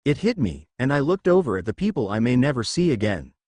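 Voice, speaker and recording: A man's voice: mid-range voice, big pitch swings, fast, darkish tone, dry recording. A man narrating a fan fiction story aloud. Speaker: story reader.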